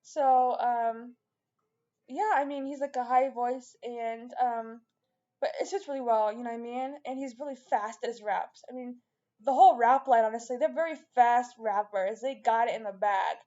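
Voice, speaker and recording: High-voiced chatty woman, dull lo-fi sound. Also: fairly even intonation, normal speed, dark tone. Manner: rambling, chatty, many fillers and restarts. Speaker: vlogger. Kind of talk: casual chat to camera.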